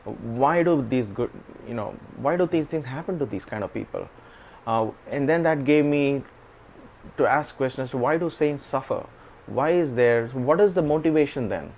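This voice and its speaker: Man telling a story with animated quotes. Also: medium pitch, moderate pace, a little hiss or hum. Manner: animated, acts out quoted speech, laughs often. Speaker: interview guest. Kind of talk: storytelling in an interview.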